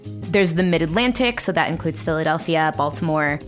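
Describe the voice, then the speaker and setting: A woman from Central Ohio with a Midland accent explains things as a guest in an interview. Her voice sits a little low, and her tone is casual and explanatory. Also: lively intonation, normal speed, soft background music. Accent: Midland American. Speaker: linguistics professor guest.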